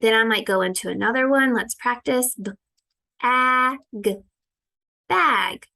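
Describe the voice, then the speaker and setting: Bright, gravelly-voiced woman teacher. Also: fairly high pitch. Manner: modelling classroom phonics with a sing-song teacher voice; sounds out letters slowly and loudly. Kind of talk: recorded teaching walkthrough.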